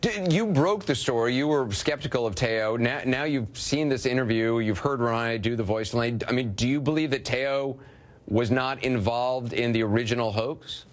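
A man's voice: medium pitch, moderate pace. A man anchoring a TV news segment, asking direct, probing questions. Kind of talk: TV news interview.

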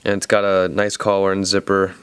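A man from the American South talks through a toy review with a Southern accent, wandering off into playful jokes. His voice sits a little low and comes across smooth and clear. The sound is dry and close. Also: completely flat delivery, a little fast, fairly bright tone, no echo. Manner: rambling, jokey, playful asides. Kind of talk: casual video review.

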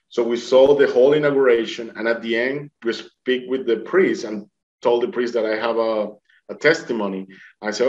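A man's voice: mid-range voice, fairly quick. A middle-aged man speaking English as a second language, telling his own story in an interview and acting out what others said. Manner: animated, acts out the dialogue of others; non-native English grammar. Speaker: near-death experience survivor telling his story. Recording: dull lo-fi recording.

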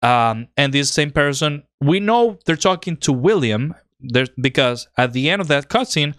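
A man's voice: mid-range voice, dry recording, clean studio sound. Rambling male game streamer. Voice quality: rambling and excited. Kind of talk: live-stream commentary.

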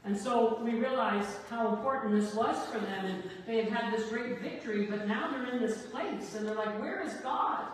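A woman's voice: on the high side, steady tone, moderate pace, hardly any pauses, a little hiss or hum. A woman pastor preaching a sermon, telling humorous stories and acting out the voices of the people in them. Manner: storytelling with jokes, acting out quoted voices. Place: church sanctuary. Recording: echoey church hall from far off.

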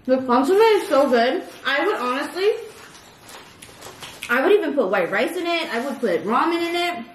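A woman's voice: sits high, lively intonation, moderate pace, reverberant, slight background noise, low-quality recording. A middle-aged mother chatting affectionately with her family about food at home. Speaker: vlogger's mother. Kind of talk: casual family chat.

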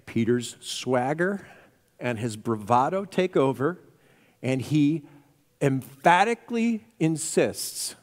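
A male pastor preaching a sermon in a church, telling the story with animated energy and acting out the quotes. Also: fairly high pitch. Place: church sanctuary. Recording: reverberant church hall.

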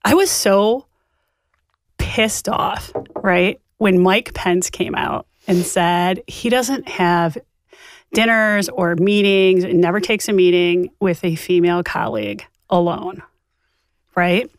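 A woman's voice: fairly low pitch, takes it slowly, no echo. A woman co-hosting a podcast, talking in a wry, sarcastic way and laughing often. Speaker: podcast co-host. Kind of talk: casual chat.

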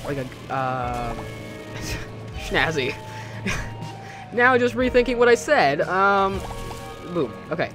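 A man's voice: high voice, sing-song, slow, long pauses, over music. A young man hosting a casual let's-play, rambling, correcting himself, humming and joking to himself as he plays. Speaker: gaming channel host.

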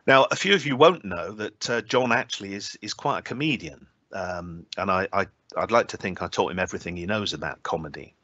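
Low-voiced man giving a hesitant academic talk. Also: animated, a little fast, bright, forceful tone, no room sound, dull audio. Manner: hesitant, many filler sounds and restarts, dry humour. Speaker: invited speaker at a scientific symposium.

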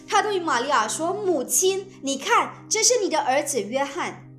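A woman interpreting a sermon phrase by phrase with expressive phrasing. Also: high-pitched, normal speed, reverberant, faint music behind.

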